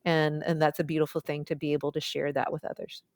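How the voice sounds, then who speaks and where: A woman's voice: low-pitched, fast, dry recording. A woman telling her personal story as a podcast guest, chatty and full of "like" fillers. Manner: chatty, many "like" fillers, lively quoted voices. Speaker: podcast guest, nonprofit founder.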